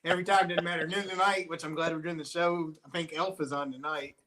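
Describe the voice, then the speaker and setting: Man, stream guest, easygoing, casual chat, slightly high pitch. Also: flat delivery, fast talker, sharp tone.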